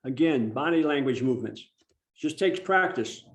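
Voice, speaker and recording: A man presenting an online public speaking workshop over a video call. He is demonstrative and slows down to stress key words. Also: medium pitch, lively intonation. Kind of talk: instructive online workshop talk.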